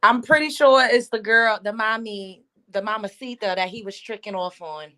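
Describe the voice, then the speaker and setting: A woman's voice: medium pitch, moderate pace, bright, forceful tone. A woman co-hosting a casual gossip show, blunt and mocking, often breaking into laughter as she roasts people. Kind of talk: casual chat.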